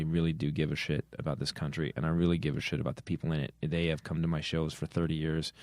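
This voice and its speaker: A middle-aged man hosts a comedy podcast, swearing heavily through an earnest, angry rant with many restarts. His voice is low and a little mellow, recorded with clean studio sound and no room sound.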